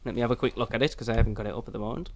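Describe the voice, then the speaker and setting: A man's voice: medium pitch, fairly even intonation, racing, a little mellow. A man co-hosting a casual podcast, joking and reading listener emails aloud. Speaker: podcast co-host.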